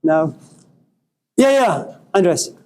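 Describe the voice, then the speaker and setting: A man's voice: high-pitched, big pitch swings, extremely slow, a little mellow, a little hiss or hum. A man giving an informal spiritual lecture to a live audience, joking and telling stories in a loose, conversational way.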